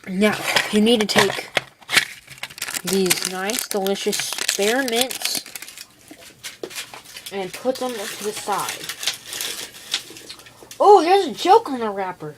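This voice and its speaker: A woman's voice: medium pitch, expressive, slow pace, long pauses. Young woman, teens, chatty rambling hobbyist demo voice, noisy home recording. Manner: rambling, chatty, full of "like" and "okay". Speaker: hobbyist showing a build. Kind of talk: casual how-to demonstration.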